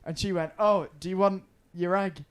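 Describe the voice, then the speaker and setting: A man's voice: sits high, steady tone, moderate pace, clear, resonant tone. A young man telling a long anecdote on a podcast, rambling, swearing and laughing. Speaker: podcast co-host. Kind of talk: casual chat, storytelling.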